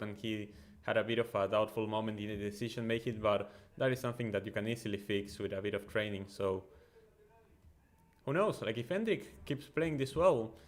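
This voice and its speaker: A man hosts a football watchalong in a mid-range voice that is neither high nor low. He talks through the match in casual live commentary, excitable and chatty. He often fills pauses with ums and uhs. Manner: excitable, chatty, with frequent fillers.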